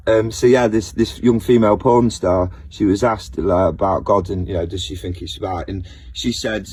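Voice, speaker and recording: A man delivers a rambling, self-interrupting rant in a casual video monologue. His voice sits low and sounds very husky and rough-edged. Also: fairly even intonation, normal speed, hardly any pauses, a little mellow. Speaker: vlogger.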